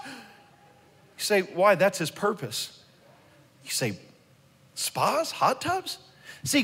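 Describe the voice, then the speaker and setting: A man preaching a sermon as pastor, telling stories in an animated way and leading the congregation in call-and-response. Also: sits high. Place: church sanctuary. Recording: long hall reverb.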